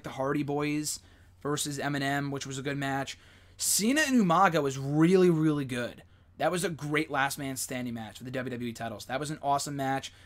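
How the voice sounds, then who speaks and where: A young man hosting a live stream, chatting casually and rambling, with plenty of fillers and excited swearing. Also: fairly high pitch. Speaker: host.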